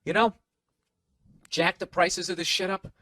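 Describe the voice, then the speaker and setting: A man's voice: sits high, fairly even intonation, measured pace, sharp tone, no room sound. Profane, sarcastic man ranting in a hotel room. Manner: profane, sarcastic, acts out quoted voices. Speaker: podcast host. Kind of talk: casual comedic rant. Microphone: single microphone, no headphones.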